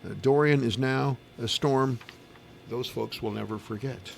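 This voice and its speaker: A man's voice: medium pitch, unhurried, gravelly, slight background noise. A middle-aged man hosting a morning radio show, reading news items and chatting casually with his co-hosts. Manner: chatty, reads news then banters with laughs. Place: radio studio.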